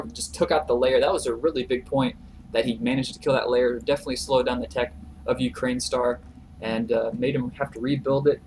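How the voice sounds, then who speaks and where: A man giving relaxed, chatty video game commentary, chuckling often between plays. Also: medium pitch, a little hiss or hum, rough recording. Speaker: game caster.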